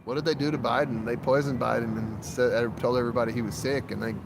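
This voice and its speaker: A man's voice: medium pitch, fairly even intonation, fast, vocal fry, noisy background. A man chatting casually to his livestream viewers, rambling from topic to topic, recorded on a phone outside. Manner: rambling, talks to chat.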